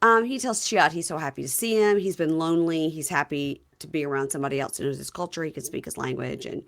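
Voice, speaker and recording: Woman podcast host, lowish voice, gossipy casual recap, animated storytelling. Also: fast. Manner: chatty, animated retelling with quoted lines.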